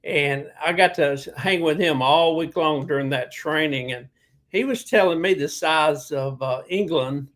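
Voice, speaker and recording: A man's voice: fairly high pitch, unhurried, a bit bright. A man chatting in an interview, hesitant and full of fillers as he searches for words. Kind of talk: casual interview talk.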